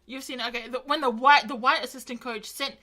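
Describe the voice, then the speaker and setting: A woman's voice: sits high, fairly even intonation, quick pace, bright, forceful tone. A woman co-hosting a casual podcast, rambling with lots of filler words as she retells stories. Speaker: podcast co-host.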